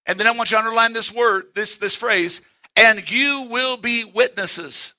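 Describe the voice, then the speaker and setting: A male pastor, preaching a sermon in church and quoting scripture with slow, emphatic stresses. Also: very high-pitched, bright, forceful tone.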